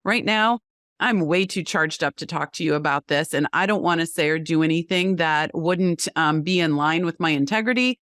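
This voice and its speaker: A woman's voice: sits low, normal speed, fairly bright tone, smooth, no room sound, clean studio sound. A woman appearing as a parenting coach on a podcast, giving earnest advice. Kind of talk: interview answers.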